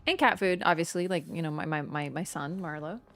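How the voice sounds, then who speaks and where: A young woman streaming a horror game live, chatting excitably, joking and swearing at the game. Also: deep voice, a little fast. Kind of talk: live let's-play chat.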